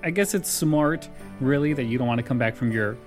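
A man's voice: mid-range voice, brisk, soft background music. Chatty man laughing through a recap. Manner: laughs often while retelling scenes. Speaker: podcast host recapping a sitcom. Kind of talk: casual chat.

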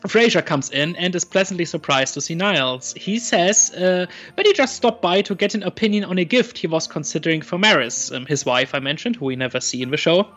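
A man walks through an episode's scenes in a relaxed chat. He pauses often with ums and restarts. His voice sits a bit high, and the recording sounds dull and lo-fi with faint music underneath. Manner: hesitant, many ums and restarts, retelling scenes. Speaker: podcast co-host recapping an episode. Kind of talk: casual chat.

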